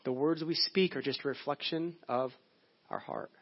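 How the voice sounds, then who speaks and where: A man's voice: fairly high pitch, normal speed, husky. A male pastor giving a sermon in a conversational, storytelling way. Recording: dull lo-fi audio.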